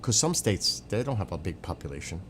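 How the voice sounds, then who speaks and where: A man's voice: low-pitched, sing-song, a little fast, a little hiss or hum. A man streaming, giving opinionated, rambling casual commentary and answering chat, swearing now and then. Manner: answers chat viewers by name.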